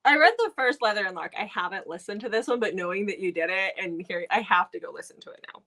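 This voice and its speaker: A woman hosting a casual book review interview. She asks relaxed questions and laughs often. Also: mid-range voice, fast talker. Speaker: book review show host.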